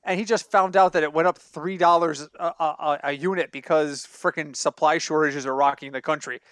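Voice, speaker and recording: High-voiced man rambling through sports gossip. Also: brisk, no echo. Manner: rambling, animated storytelling with self-corrections. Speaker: podcast co-host. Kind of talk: casual sports podcast banter. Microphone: home computer mic over online call.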